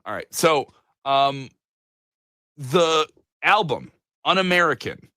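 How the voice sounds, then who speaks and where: A man's voice: fairly high pitch, takes it slowly, dry recording, clean studio sound. A man hosting a casual podcast interview, chatty and joking, the talk of a radio personality. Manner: chatty, lively, jokey asides. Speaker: guest host and radio personality.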